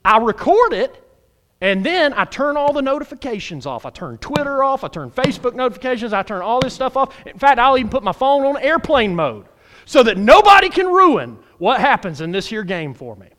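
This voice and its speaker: A man preaching a sermon in a folksy, playful way, swinging from hushed tones to shouts. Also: very high-pitched, sing-song, a little fast, slight background noise. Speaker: pastor.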